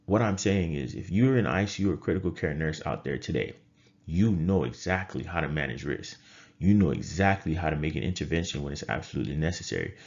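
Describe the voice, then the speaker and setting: A man's voice: a bass voice, expressive, fairly quick, creaky, darkish tone, dull audio. A man who is a nurse and trading coach gives a motivational talk to camera. He is emphatic and repeats phrases for effect.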